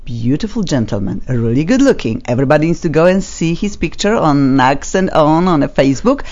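A woman hosting a talk radio show in a studio, speaking playful non-native English with a lively, animated manner. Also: deep voice, brisk, muffled recording, slight background noise. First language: not English. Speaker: radio host.

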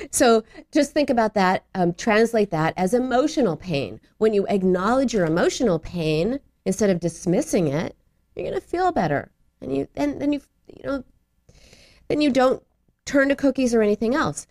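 A middle-aged woman speaks from a studio in a chatty, advice-giving way. Her pitch swings widely as she slips into quick imitations of other people. She sounds easygoing and a little self-mocking. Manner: acts out little voices and quotes with lively pitch jumps. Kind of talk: advice talk on self-compassion.

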